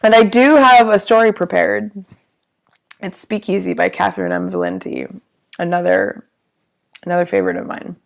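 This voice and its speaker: A woman hosting a casual livestream from a small hotel room, with a low gravelly voice and a theatrical, chatty manner that slips into swearing. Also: sing-song, moderate pace, long pauses. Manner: theatrical, grand greetings, then chatty with swearing. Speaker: livestream host.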